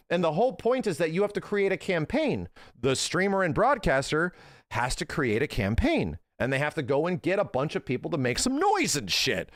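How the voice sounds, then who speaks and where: Casual male streamer in his thirties, fairly high voice, animated and profane. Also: dry recording, studio quality. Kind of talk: casual livestream commentary.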